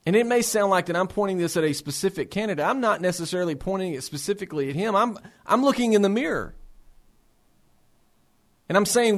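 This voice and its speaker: A man's voice: high voice, lively intonation, a little fast. A man speaking earnestly to fellow believers for a faith-based resource center. He talks with passion, asks rhetorical questions and often repeats words as he starts a phrase.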